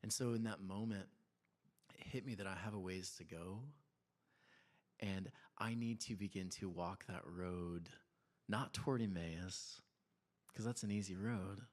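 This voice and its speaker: Storytelling pastor, man with a low voice. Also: measured pace, pauses often. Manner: conversational storytelling, animated, with laughs and quiet asides. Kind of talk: sermon. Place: church.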